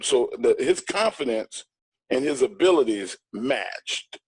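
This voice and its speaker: A man's voice: mid-range voice, animated, takes it slowly. A middle-aged man, a guest in an interview, telling a story in an emphatic, blunt and boastful way.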